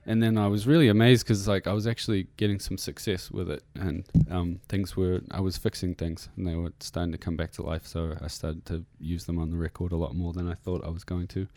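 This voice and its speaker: A man's voice: low voice, flat delivery, brisk, hardly any pauses, a little mellow, no room sound. A man with a New Zealand accent, a musician guest rambling through an interview with many fillers and restarts. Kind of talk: casual interview chat. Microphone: radio studio mic.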